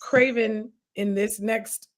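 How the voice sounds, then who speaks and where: A woman's voice: a little high, steady tone, takes it slowly. A woman co-hosting a podcast in casual chat, laughing often and teasing the others. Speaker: podcast co-host.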